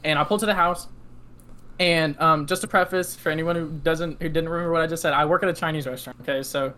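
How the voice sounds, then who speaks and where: A man's voice: fairly high pitch, fairly even intonation, fast, sharp tone. A young man co-hosting a podcast in casual chat, telling a story with many fillers and breaks into laughter. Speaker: podcast co-host.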